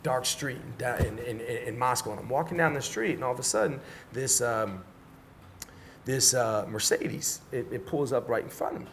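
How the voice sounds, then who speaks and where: A middle-aged man from Washington, D.C., appears as a podcast guest, spinning a long story in casual, profane language and acting out the dialogue with animation. His voice is gravelly and medium-pitched at a moderate pace, with slight background noise.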